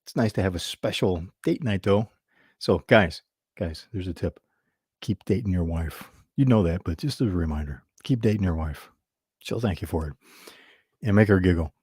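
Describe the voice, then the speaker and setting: A man's voice: low voice, animated, normal speed, a little mellow, slightly rough, no room sound, clean studio sound. A man hosting a business show, telling a customer-service story in a chatty, rambling way with many restarts. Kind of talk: casual talk to camera.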